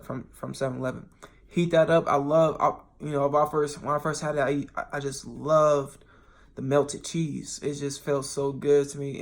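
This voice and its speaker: Male vlogger, unscripted monologue straight to viewers, rambling, full of restarts and swearing, loudness jumps around. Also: fairly high pitch. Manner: rambling, with many restarts and sudden swings in loudness.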